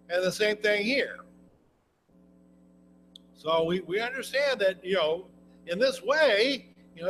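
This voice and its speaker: A man with a high-pitched, fairly bright voice teaches a Bible class, preaching in a folksy, conversational style and often restarting his sentences. The recording is rough.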